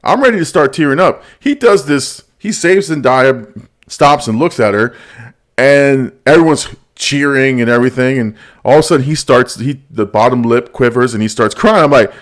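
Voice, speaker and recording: A man hosting a relaxed podcast, talking in a mid-range voice. He tells stories animatedly, acting out lines and laughing along. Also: medium pitch, normal speed. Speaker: podcast host. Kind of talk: casual movie review chat.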